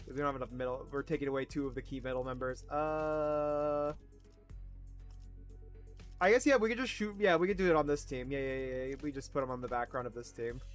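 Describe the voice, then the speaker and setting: A man's voice: mid-range voice, fairly even intonation, brisk, soft background music. A man streaming a game, rambling casually, swearing and mocking himself. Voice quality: swearing, self-deprecating, rambling. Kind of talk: casual gaming commentary.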